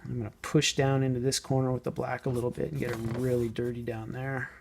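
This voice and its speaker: A man casually explaining a painting technique as he works, thinking aloud and sometimes trailing off softly. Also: medium pitch, level tone, fast, gravelly, a little hiss or hum. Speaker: model painting tutor. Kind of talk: casual hands-on painting tutorial.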